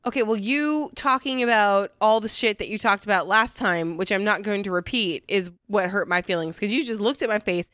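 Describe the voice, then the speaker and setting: A woman co-hosting a casual podcast, sarcastic and quick to laugh, swearing casually as she banters at a friend's house. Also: mid-range voice, fairly bright tone, no room sound, clean studio sound. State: sensitive stomach. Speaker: podcast co-host. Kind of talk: casual chat.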